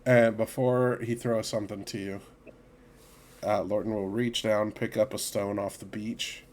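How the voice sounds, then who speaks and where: A man narrating a tabletop game as game master, in a relaxed manner. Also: on the low side. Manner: relaxed, slow narration with laughs.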